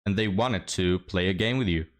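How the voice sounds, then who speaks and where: A man's voice: sits low, moderate pace. Scornful man mocking a clip. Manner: mocking, scornful, laughs often. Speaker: commentary host. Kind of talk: reaction commentary.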